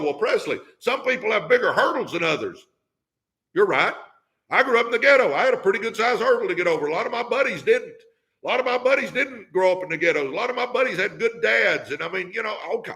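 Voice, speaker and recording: A man's voice: sits high, sharp tone. An older man hosting a motivational talk, fired up and preachy, repeating catchphrases and urging listeners on. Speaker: podcast host. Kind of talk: motivational live-stream talk.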